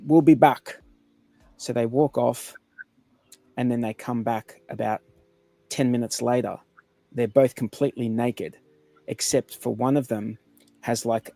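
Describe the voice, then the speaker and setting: A man's voice: mid-range voice, darkish tone, no room sound. A man, co-hosting a casual podcast, telling a story and laughing often. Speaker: podcast co-host. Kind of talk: casual chat, telling a joke.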